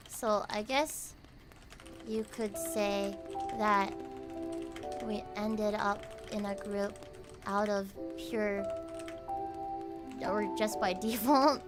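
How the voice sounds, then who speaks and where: A young American woman streaming a cozy late-night chat, reading comments aloud, playful and squealing at times, then soft and reflective. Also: mid-range voice. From United States.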